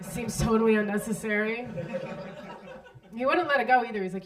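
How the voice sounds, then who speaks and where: On a comedy club stage, an American woman performs stand-up before a live audience in a slightly high voice, speaking a bit fast with frequent pauses. She chats with the crowd, laughs at her own jokes, and acts out the people she describes, caught on a roomy recording from a distant mic.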